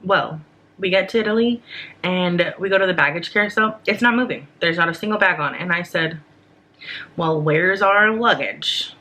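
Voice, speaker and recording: Bright-voiced young woman telling a story. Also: lowish voice. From United States. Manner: animated, swears a lot, filler-heavy. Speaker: vlogger. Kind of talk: casual storytime.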